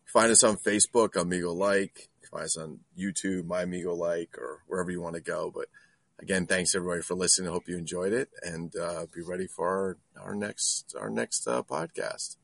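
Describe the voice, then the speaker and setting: A man's voice: sits low, fairly even intonation, fairly quick, vocal fry, fairly bright tone, dry recording. A man co-hosting a podcast in an easygoing, casual way. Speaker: podcast co-host. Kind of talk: casual chat.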